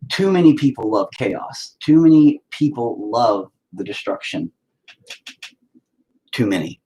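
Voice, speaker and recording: A man's voice: medium pitch, lively intonation, measured pace, mellow, breathy edge, rough recording. A man giving a casual, rambling monologue, emphatic and heavily profane.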